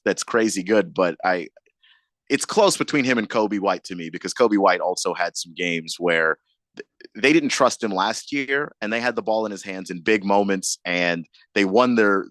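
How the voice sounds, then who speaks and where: A man's voice: on the low side, a bit bright, dry recording. A man co-hosting a sports radio show, giving basketball picks in casual talk and restarting his sentences often. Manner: thoughtful basketball analysis with frequent restarts.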